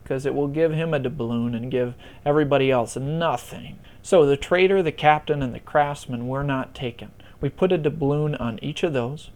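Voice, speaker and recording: A man walking listeners through a board game's rules in a relaxed, conversational way, with some self-deprecating humor. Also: medium pitch. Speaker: board game tutorial presenter. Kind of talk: casual rules explanation.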